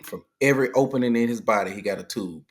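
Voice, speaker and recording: A middle-aged man with a medium-pitched voice speaks at a quick pace. He's a guest in a casual chat, retelling a story animatedly and acting out the quoted people.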